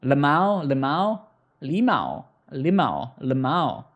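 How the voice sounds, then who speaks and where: Gravelly, slow-talking sarcastic man. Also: medium pitch, wildly swooping pitch. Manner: sarcastic and profane, mocking his chat. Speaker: live-coding streamer. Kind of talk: casual live-stream banter while coding.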